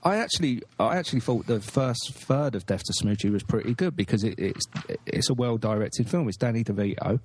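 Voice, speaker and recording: A man's voice: medium pitch, lively intonation, fairly quick, hardly any pauses, darkish tone, husky. A man hosting a podcast in casual chat, rambling and blunt, with frequent swearing. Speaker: podcast host.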